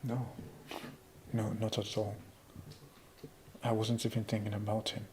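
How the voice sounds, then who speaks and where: A man's voice: on the low side, flat delivery, unhurried, a little mellow, natural voice. A man playing an earnest young Nigerian boyfriend. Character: young man defending himself to his girlfriend.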